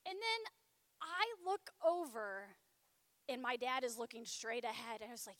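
A woman giving a Catholic youth talk, telling a personal story in a lively, chatty way with lots of "like". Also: on the high side, a little slow, dry recording. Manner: lively and chatty, frequent filler "like". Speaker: speaker at a Catholic youth event.

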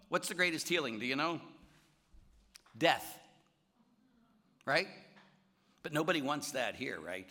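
A middle-aged Catholic priest delivers a sermon with a bright, ringing tone. His pitch swoops up and down as he acts out stories. He moves from loud bursts to hushed, low asides. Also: moderate pace, pauses often. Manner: animated storytelling with shouted bits and sudden drops to quiet.

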